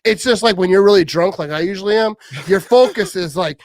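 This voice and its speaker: A man's voice: sits high, fairly quick, dry recording, clean studio sound. A man, hosting a podcast and telling rambling, crude stories in casual chat, laughing often. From Wisconsin. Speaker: podcast host.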